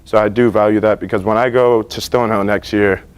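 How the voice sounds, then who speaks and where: A young man in his late teens giving a class presentation about his internships, earnest and relaxed, with many fillers and restarts. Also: lowish voice, fairly quick, clear, resonant tone. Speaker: student presenter. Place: school library.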